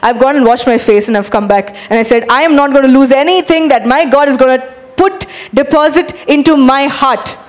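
A woman preaching a sermon to a congregation, energetic and urging, acting out animated demonstrations. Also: high-pitched, brisk.

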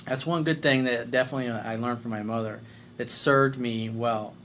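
A man's voice: mid-range voice, steady tone, moderate pace, a bit bright, a little hiss or hum. A middle-aged man giving blunt, profane dating advice as the host of his own show.

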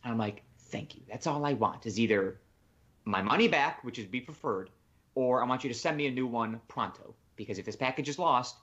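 A man co-hosting a casual podcast, rambling through a long story and acting out the phone calls he made. His voice sits at an ordinary middle pitch. The recording sounds somewhat dull and lo-fi. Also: lively intonation, fairly quick, a bit bright. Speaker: podcast co-host. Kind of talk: casual chat.

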